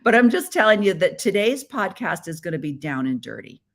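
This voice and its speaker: Playful middle-aged woman host from the Midwest, chatty on a webcam live stream, voice sits a bit low. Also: sing-song, a little fast, fairly bright tone. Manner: chatty and playful, with frequent laughs. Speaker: podcast host. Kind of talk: casual live-stream chat.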